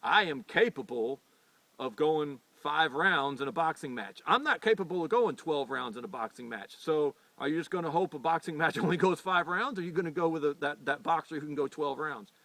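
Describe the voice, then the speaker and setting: A man's voice: fairly high pitch, lively intonation, fairly quick, a bit bright, dry recording. A middle-aged American man hosting a firearms channel, talking off the cuff in an earnest, insistent way and tripping over repeated words. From United States. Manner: rambling, with frequent stumbles and repeated words; earnest and insistent when arguing. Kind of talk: unscripted opinion monologue. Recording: voice picked up from a distance.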